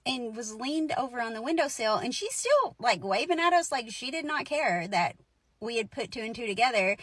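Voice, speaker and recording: A woman in her forties recounts a story in a loose, conversational way, peppering it with "like" and soft laughs. Her voice sits a little high for a woman. The sound is dry, with no room around it. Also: dry recording. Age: 40s. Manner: chatty, lots of "like" and "right?", laughs through lines. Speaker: host telling her ghost stories. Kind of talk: casual spoken storytelling.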